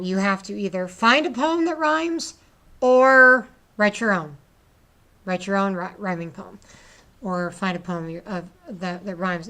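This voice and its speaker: A woman teacher walking her class through a poetry assignment. She talks in a chatty, informal way, breaking off for asides and restarting her sentences. Her voice sits at a mid pitch. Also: fairly bright tone.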